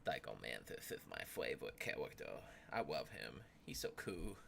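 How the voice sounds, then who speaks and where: Brief: goofy male streamer, rambling casual chat, pitch leaping all over the place. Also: sing-song, normal speed, vocal fry, a bit bright, slight background noise. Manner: goofy, rambling, squeaky jokey outbursts. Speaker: streamer reacting to a video.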